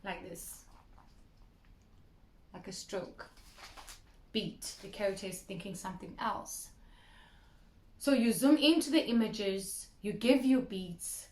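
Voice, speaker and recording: Woman, 30s, acting coach; lively direct-to-camera teaching; mid-pitched voice, echoey room. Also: takes it slowly, pauses often, a little hiss or hum. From South Africa. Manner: lively and explanatory, addressing viewers directly. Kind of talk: talk to camera in an acting masterclass. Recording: roomy echo.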